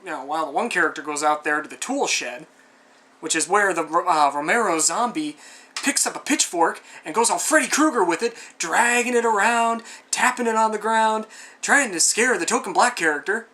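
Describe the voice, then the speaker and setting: A man's voice: high-pitched, moderate pace, sharp tone. A man giving a casual spoken film review, rambling with asides and sounding exasperated and sarcastic. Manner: rambling and conversational, with frequent asides. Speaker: movie reviewer.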